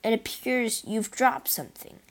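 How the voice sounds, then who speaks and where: A woman voicing a proud, hot-headed young male swordsman in a storybook reading, quick to take offense. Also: on the high side, vocal fry, voice pushed up. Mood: polite.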